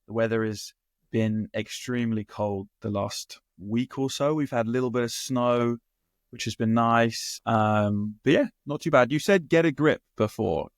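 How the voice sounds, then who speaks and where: A man with a southern English accent, an English teacher chatting in a relaxed, easygoing way as a guest. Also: mid-range voice, unhurried, dry recording, studio quality. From Hampshire, southern England. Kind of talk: casual chat.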